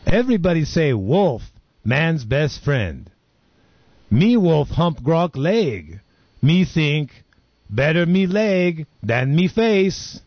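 A man's voice: fairly high pitch, very animated, slow, dry recording, heavily acted. A man playing a dim-witted male caveman comedian who tells jokes in broken caveman grammar. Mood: deadpan jokey. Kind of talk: comedy sketch stand-up bit. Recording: dull lo-fi recording.

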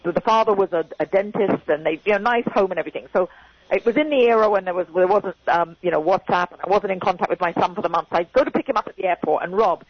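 A woman's voice: fairly low pitch, fast, husky. An older woman in her sixties with an English accent, a guest in a casual radio chat who talks emphatically and repeats her key points. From England. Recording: dull radio or phone audio.

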